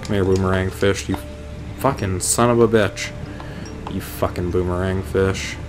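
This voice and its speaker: Low-voiced young man, profane game commentary. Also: fairly even intonation, normal speed, music in the background. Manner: profane, rambling, jokey. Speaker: gaming video host. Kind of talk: casual gameplay commentary. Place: indoors at home, late at night.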